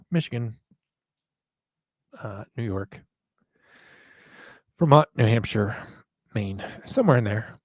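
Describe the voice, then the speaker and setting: Gravelly-voiced man rambling casually. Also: on the low side, a little mellow, no echo. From northern United States. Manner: rambling, self-deprecating, laughs at himself. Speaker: podcast host. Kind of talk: casual chat.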